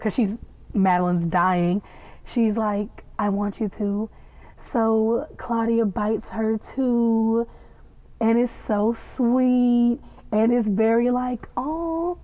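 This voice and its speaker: A woman's voice: medium pitch, dry recording. A woman hosting a podcast, recapping and reacting to a TV episode in a gushing, chatty way with playful asides. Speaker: podcast host reviewing a TV episode. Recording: tinny phone-like sound, dry.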